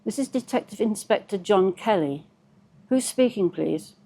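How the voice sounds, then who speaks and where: A courteous police detective inspector speaks in a mellow, pleasant voice, as a woman reading aloud gives his lines. He keeps a warm, even calm and asks his questions politely, at a middling pitch. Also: moderate pace.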